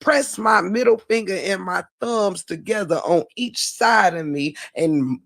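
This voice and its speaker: A woman's voice: medium pitch, expressive, unhurried, creaky, hardly any pauses, no room sound, studio quality. A woman giving blunt, profane live-stream commentary, preaching at her audience and firing off rhetorical questions.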